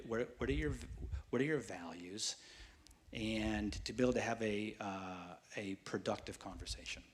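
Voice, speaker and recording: A man, a pastor, preaching in a relaxed, conversational way with fillers. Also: mid-range voice. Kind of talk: sermon.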